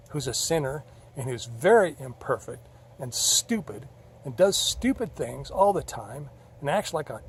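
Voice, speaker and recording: A man telling a personal story in a rambling, halting, earnest way. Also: on the high side, a little hiss or hum. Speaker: vlogger.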